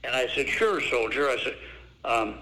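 An older man who once coached basketball tells stories in an interview, speaking at a moderate pace in a mid-range voice. He is an animated storyteller who acts out the voices of the people he quotes. The recording quality is low.

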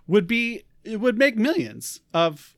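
Animated woman podcast co-host, dry sound. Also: mid-range voice, slow pace, dry recording. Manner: animated, laughing, trailing off quietly. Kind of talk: casual chat.

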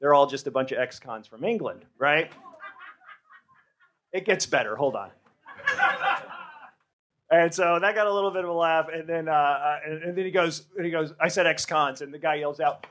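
A man's voice: on the high side, normal speed, pauses often, a bit bright. A man from the United States hosting a live podcast on stage, joking loosely and profanely with the crowd and stumbling through many restarts. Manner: rambling, with many stammered restarts. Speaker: podcast host. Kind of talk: live podcast stand-up banter. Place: stage before a live audience.

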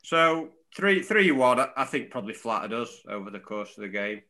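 A man's voice: medium pitch, sing-song, brisk, bright, forceful tone. A man, co-hosting a football podcast and rambling through a match analysis in casual chat.

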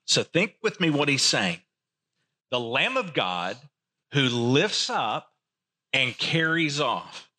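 A man preaching a sermon, who slows down to stress key phrases and asks listeners to repeat them. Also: mid-range voice, sing-song, sharp tone. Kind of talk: sermon teaching.

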